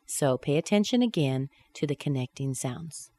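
A woman teaching English pronunciation, modelling short question tags slowly and with clear, exaggerated intonation in a close, dry recording. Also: low-pitched, animated, dark tone, no echo. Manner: carefully enunciated model phrases with exaggerated intonation. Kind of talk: slow, deliberate pronunciation drill.

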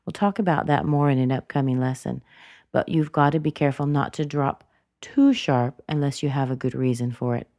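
A woman with a low, mellow voice gives a scripted pronunciation lesson. She speaks clearly and deliberately, and the recording sounds dry and close. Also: fairly even intonation, no echo. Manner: clear, deliberate modeling of intonation. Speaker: English pronunciation teacher. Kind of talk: scripted teaching narration.

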